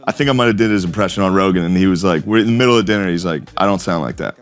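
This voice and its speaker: A man in casual chat, telling anecdotes in a loud, sheepish way. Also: low-pitched, racing, clean tone.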